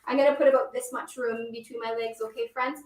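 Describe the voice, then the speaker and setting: A woman's voice: a little high, little pitch movement, quick pace, roomy sound, recorded from a distance. A woman teaching a yoga class for children and reading a picture book aloud, encouraging the kids and calling them her friends.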